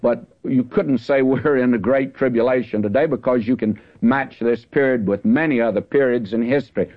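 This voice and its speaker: A man teaching the Bible in a folksy, conversational sermon, slowing down to stress the verses he reads. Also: mid-range voice. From Southern California. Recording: dull lo-fi radio broadcast.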